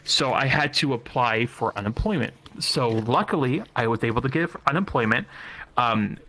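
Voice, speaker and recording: Man with a bright, forceful voice. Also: medium pitch, moderate pace. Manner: rambling, repeats himself, swears freely. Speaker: storyteller recounting job loss. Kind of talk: casual chat.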